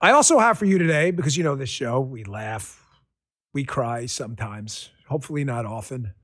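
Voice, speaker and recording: A man hosting a political commentary podcast, talking in a sarcastic, excitable rant that keeps tipping into laughter. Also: mid-range voice, moderate pace, dry recording, studio quality. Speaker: podcast host.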